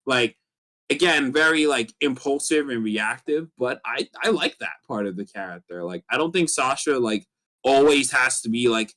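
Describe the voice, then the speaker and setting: A man chatting casually as co-host of a fan podcast. He rambles and piles up fillers, his voice sitting at an ordinary middle pitch. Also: fairly bright tone. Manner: rambling, many fillers, acts out character lines. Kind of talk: casual chat.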